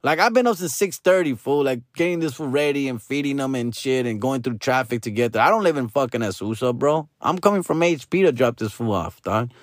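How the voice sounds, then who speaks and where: A man's voice: mid-range voice, lively intonation, a little fast, hardly any pauses, no echo, studio quality. Profane, exasperated man. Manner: exasperated, slangy, swears constantly. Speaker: comedian. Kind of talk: profane Spanglish stand-up rant.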